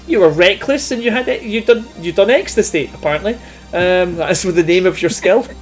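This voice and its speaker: A man narrating as game master of a tabletop role-playing game, talking in a relaxed, rambling way with lots of fillers. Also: high voice, a little fast, soft background music. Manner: laid-back, rambling, with many fillers and laughs.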